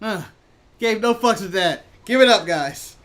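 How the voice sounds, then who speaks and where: A man chatting casually as co-host of a watch-along, reacting excitably and laughing often. His voice is strongly bright and forward. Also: high voice, measured pace.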